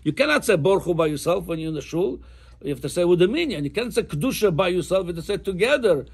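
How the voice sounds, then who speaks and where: A man teaching a Jewish law class as a rabbi, halting and repeating words as he explains texts. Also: sits high. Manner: halting, repeats words, reads Hebrew text in chant. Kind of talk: halacha class.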